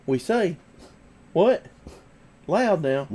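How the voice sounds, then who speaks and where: A man's voice: mid-range voice, unhurried, long pauses, a little mellow. Laid-back male streamer with the sniffles, chatty and coaxing. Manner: easygoing, chatty, coaxing his dog. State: sniffly from allergies. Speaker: livestream host. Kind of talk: casual livestream chat.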